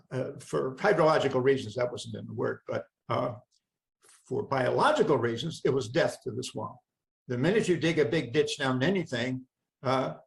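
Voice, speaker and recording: An older environmental lawyer, appearing as a guest speaker on a video call, gives a wry, anecdotal storytelling talk full of lively asides. His voice is fairly high with vocal fry, and the audio is poor.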